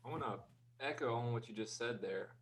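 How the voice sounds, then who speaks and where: A man's voice: mid-range voice, brisk, a little hiss or hum, poor audio. A man speaking emphatically and animatedly on an online panel discussion. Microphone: video call.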